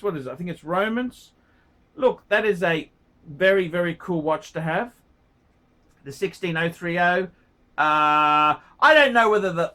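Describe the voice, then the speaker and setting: Middle-aged male watch reviewer, bright voice, unhurried delivery, swears freely. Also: sits high. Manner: profane, blunt, rambling. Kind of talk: casual review monologue.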